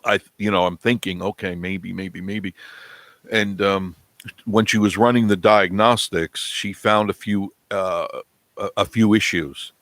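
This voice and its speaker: A man's voice: on the low side, fairly even intonation, unhurried, fairly bright tone, dry recording. A man hosting a casual live stream from his home, telling a long rambling story and acting out the quotes. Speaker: vlog host. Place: home studio indoors.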